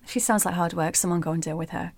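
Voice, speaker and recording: A woman's voice: on the low side, fairly even intonation, quick pace, a little mellow, dry recording. A woman voicing two arrogant male demon kings, dismissive and bossy, close to her own voice.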